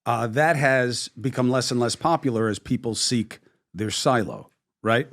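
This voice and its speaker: A man answers interview questions in a measured way. He sometimes hesitates before going on. His pitch is ordinary. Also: a bit bright. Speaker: interview guest.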